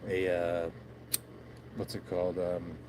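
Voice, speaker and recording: A man's voice: low-pitched, completely flat delivery, takes it slowly, background noise. A man vlogging by his backyard shed late at night into his phone, rambling casually, swearing and laughing at himself.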